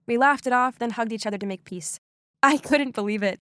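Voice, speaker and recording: Brief: woman narrator, scripted storytime, fairly high voice, dry studio sound. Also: brisk, no room sound. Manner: expressive, dramatic storytelling. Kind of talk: scripted first-person narration.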